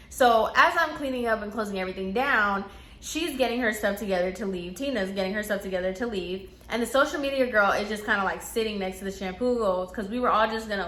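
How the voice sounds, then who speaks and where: A woman's voice: mid-range voice, bright, forceful tone. A woman telling a casual storytime about a coworker, chatty and full of fillers. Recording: echoey room.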